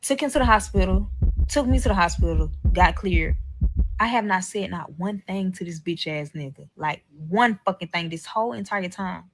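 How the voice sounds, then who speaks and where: A woman's voice: on the low side, moderate pace, background noise. A woman telling a personal story in a casual, profane way, acting out each quoted line with animation.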